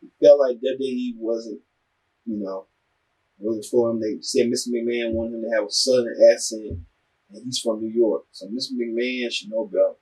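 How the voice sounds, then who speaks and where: Husky guy hosting a news show, rambly, lots of ums. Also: medium pitch, fairly even intonation, moderate pace, mellow, low-quality recording. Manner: loose, rambling, filler-heavy. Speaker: show host. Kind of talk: news-style commentary.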